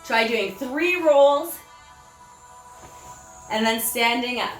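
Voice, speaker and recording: A woman leading a children's yoga class, giving gentle, encouraging instructions with frequent praise. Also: on the high side, slow pace, echoey room, faint music behind. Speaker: kids yoga teacher. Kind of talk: guided children's yoga lesson.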